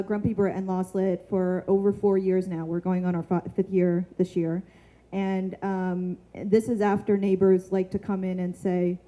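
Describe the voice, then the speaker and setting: A woman hosting a small reading event gives casual closing thanks, full of ums and hesitations. Her voice is mellow and relaxed, at a middle pitch. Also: poor audio. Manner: casual, halting, many ums, light laughs. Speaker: event organizer and host. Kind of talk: closing announcements. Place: small shop venue with a live audience.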